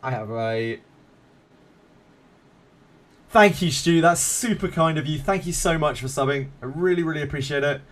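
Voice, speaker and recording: A man's voice: on the high side, fairly quick, fairly bright tone. A man streaming a game live, chatting casually with viewers in a laid-back, self-mocking way and swearing freely.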